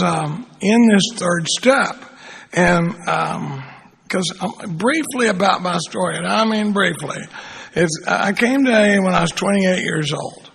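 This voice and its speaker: A man in his sixties speaks in a high, gravelly voice with plenty of fry. He talks in a folksy, rambling way, circling back and restarting his sentences, as he addresses a convention room at a recovery gathering. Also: fairly bright tone, slight background noise. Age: 60s. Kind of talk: conference talk with storytelling.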